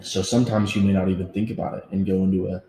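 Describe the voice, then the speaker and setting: A man with a low, steady, mellow voice races through a casual podcast conversation as host, talking earnestly and motivationally with casual swearing. The room is echoey, with faint noise.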